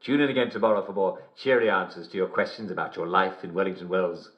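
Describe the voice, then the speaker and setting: A man's voice: deep voice, steady tone, fast, dull audio, natural voice. An actor playing a relentlessly cheery male television host, delivering theatrical scripted broadcast patter.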